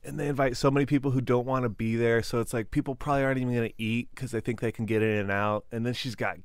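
Sarcastic male co-host, smooth, crisp voice, dry close sound. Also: mid-range voice, steady tone, fast, no echo. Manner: sarcastic, exaggerated disgust. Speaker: podcast co-host. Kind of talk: casual comedic chat.

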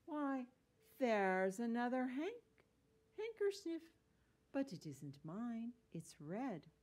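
A woman's voice: on the high side, sing-song, slow, darkish tone, voice pushed up, exaggerated voice. Polite little farm girl, curious and inquisitive, storybook, voiced by a woman. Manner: inquisitive, wondering questions.

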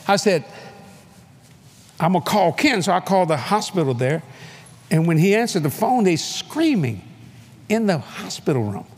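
A man's voice: sits high, very animated, moderate pace, long pauses, a little hiss or hum. An older man preaching, telling a story with acted-out voices, hollers and laughs. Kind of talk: animated storytelling sermon. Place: large convention hall.

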